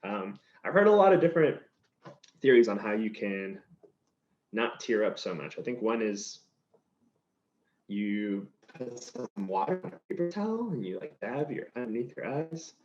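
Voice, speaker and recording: Chopping vegetables in his kitchen, a man gives a relaxed, talkative cooking demo, walking through every step. He speaks on the low side, a little slowly and a little mellow, with lively intonation, on a slightly dull recording with faint noise.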